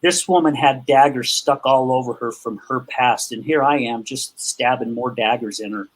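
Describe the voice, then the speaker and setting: A man as a podcast guest, candidly telling a personal story about his past anger and acting out the dialogue with growing emotion. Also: moderate pace. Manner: emotional, acts out quotes with rising pitch.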